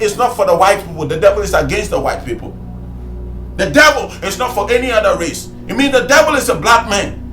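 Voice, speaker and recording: A man preaching an impassioned sermon, going from shouted peaks to low, quiet asides. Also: expressive, fairly quick. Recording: roomy sound with faint music behind.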